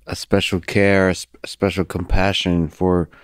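A man hosting a podcast, asking measured, searching questions and restarting his phrases. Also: low-pitched, level tone, dry recording, clean studio sound. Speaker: podcast host. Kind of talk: interview questions.

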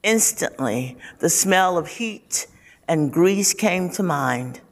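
A woman reading her own personal essay aloud in an unhurried, reflective way. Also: on the low side, expressive. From United States. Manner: unhurried, reflective reading with occasional soft laughs. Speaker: community writer.

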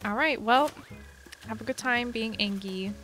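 A woman chatting casually to her viewers while playing a game, excitable and chatty. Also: on the high side, measured pace, a little hiss or hum. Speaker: gaming streamer. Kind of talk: casual gameplay commentary.

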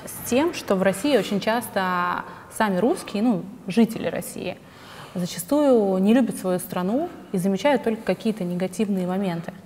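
A woman's voice: mid-range voice, a little fast, darkish tone. Woman interviewer in an echoey room. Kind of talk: interview questions.

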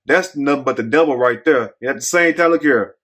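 A man's voice: medium pitch, brisk, fairly bright tone, breathy edge. Folksy scolding man hosting a commentary show. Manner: folksy, scolding, preachy, repetitive. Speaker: host. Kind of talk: commentary vlog.

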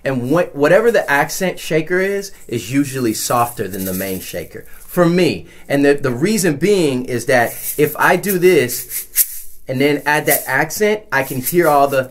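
A man teaching how to play shakers, talking in a relaxed, rambling way with frequent restarts. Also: fairly high pitch, unhurried. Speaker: music teacher. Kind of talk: casual instructional talk.

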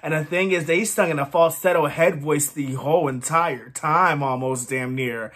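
A music reaction host giving casual, exclamatory commentary, emotional and teary-eyed, with emphatic, drawn-out phrasing. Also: mid-range voice, fairly bright tone.

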